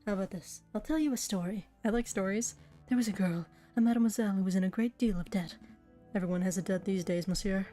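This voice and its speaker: A woman's voice: medium pitch, fast talker, dark tone, soft background music, natural voice. Woman doing a sly scheming bird prince. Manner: smooth, evasive, theatrical. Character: sly male bird investigator posing as prince.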